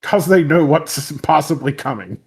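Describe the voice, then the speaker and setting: A man narrating a tabletop game as game master, relaxed with frequent fillers. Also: fairly high pitch, normal speed, husky.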